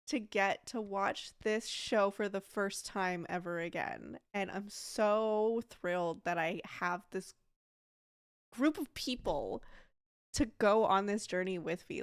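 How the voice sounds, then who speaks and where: A woman's voice: medium pitch, lively intonation, slow pace, smooth, dry recording, studio quality. A woman reacting to an anime in a casual vlog, chatty and emotional, with many fillers and restarts.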